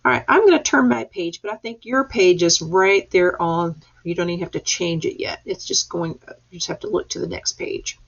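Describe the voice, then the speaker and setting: A woman's voice: on the low side, normal speed, creaky, hardly any pauses. A woman teacher leading a reading lesson for young children, patiently sounding out letters and words. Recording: dull lo-fi recording.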